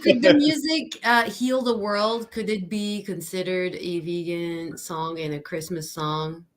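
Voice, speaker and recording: A woman co-hosting a casual chat, animated and quick to laugh. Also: fairly low pitch.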